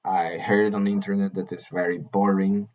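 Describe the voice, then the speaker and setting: A man vlogging in a casual monologue, earnest and halting, often repeating and restarting his phrases. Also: deep voice, flat delivery, a little mellow, poor audio. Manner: earnest, mildly swearing.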